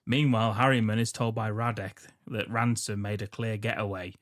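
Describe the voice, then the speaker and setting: A man's voice: on the low side, flat delivery, fairly quick. A man co-hosting a comedy film podcast, recapping the plot with dry quips. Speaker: podcast co-host. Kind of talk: casual comedic film chat.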